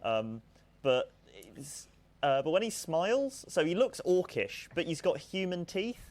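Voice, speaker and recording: A man's voice: a little high, sing-song, a little slow, darkish tone. Rambling man describing his character. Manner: rambling, hesitant with fillers. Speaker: player. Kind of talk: casual tabletop role-play chat.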